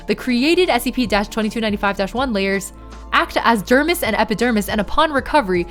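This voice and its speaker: A young woman streamer reads documents aloud flatly and chats with her viewers, turning tearful and giggly. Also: fairly high pitch. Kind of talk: live-stream reading and chat.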